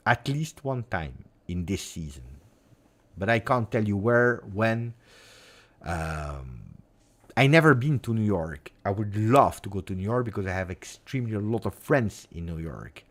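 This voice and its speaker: A man's voice: fairly low pitch, very animated, a little slow. A man with an Italian accent who hosts a football channel, chatting casually and rambling expressively on a live stream with lots of fillers.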